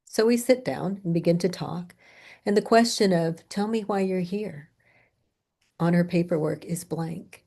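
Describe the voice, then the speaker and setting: A middle-aged woman therapist lectures on grief, weaving in client stories at a very slow, unhurried pace. Her voice sits slightly low with a noticeable gravelly fry. She often softens almost to a whisper. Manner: soft-spoken, unhurried storytelling, drops to near whispers. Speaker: grief therapist presenting a training.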